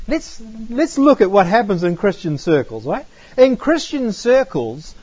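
Husky man teaching from scripture. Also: sits high, a little mellow. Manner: emphatic, rhetorical questions, reads verses aloud. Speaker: preacher. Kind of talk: Bible teaching. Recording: dull dry lo-fi recording.

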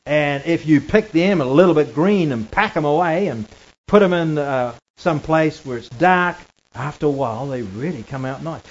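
A man teaching through scripture in a conversational sermon, emphatic and swinging between loud and hushed. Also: fairly high pitch, animated, normal speed. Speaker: Bible teacher. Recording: dull lo-fi recording.

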